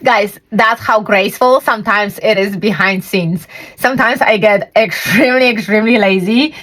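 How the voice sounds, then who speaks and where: A woman's voice: mid-range voice, moderate pace, a bit bright. Chatty woman sewing vlogger. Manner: chatty, rambling, with fillers. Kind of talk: casual chat.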